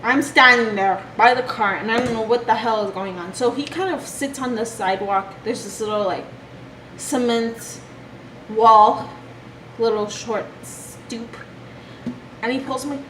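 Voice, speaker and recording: Young woman w/ a slightly high voice telling a hard childhood story, stops and restarts a lot, echoey noisy room. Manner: emotional, halting retelling with restarts. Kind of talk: personal storytelling vlog. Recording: echoey room with background noise.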